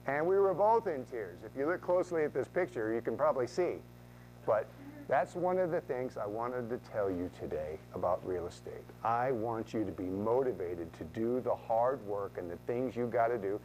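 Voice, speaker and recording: A middle-aged man giving a motivational talk as a real estate speaker, telling stories with lively back-and-forth dialogue. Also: lowish voice, moderate pace, slight background noise, rough recording. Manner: animated, acts out both sides of conversations.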